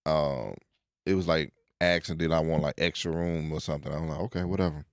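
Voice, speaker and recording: A young man hosting a casual podcast chat, telling a story in an animated way and acting out the people he quotes. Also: extremely low pitch, a little fast, no echo, studio quality. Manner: animated storyteller who acts out quoted voices. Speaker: podcast host.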